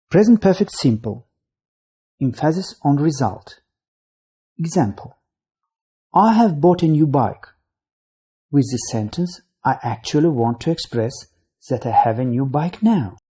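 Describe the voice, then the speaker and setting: A voice narrating a scripted English grammar lesson, reading out rules, lists of signal words and example sentences in a measured way. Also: medium pitch, warm tone, slightly rough.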